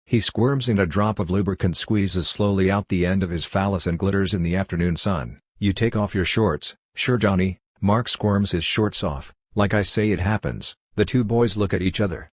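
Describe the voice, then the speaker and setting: Man reading literary fiction, deadpan and slow, very deep voice, dry close sound. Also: no echo. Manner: slow, deadpan, fragmented recitation. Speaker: author reading his own fiction.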